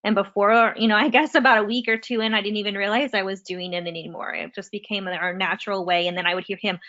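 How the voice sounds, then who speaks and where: A woman speaking as a parent guest in a relaxed interview, talking chattily with frequent restarts and "you know" over a video call. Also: mid-range voice, fast talker. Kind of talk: casual interview conversation. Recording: slightly muffled lo-fi audio.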